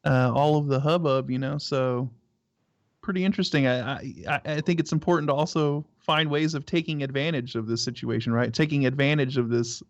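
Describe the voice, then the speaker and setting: A man's voice: medium pitch, fairly even intonation, brisk, dry recording. A man co-hosting a live show, laid-back and stammering, with lots of repeated words. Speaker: co-host. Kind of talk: casual live show chat. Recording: dry, dull lo-fi mic.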